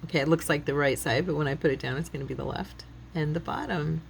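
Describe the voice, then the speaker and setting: A woman's voice: low voice, fast, vocal fry, slight background noise. A middle-aged woman hosting a craft channel, chatting casually and thinking aloud as she works, often laughing. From United States.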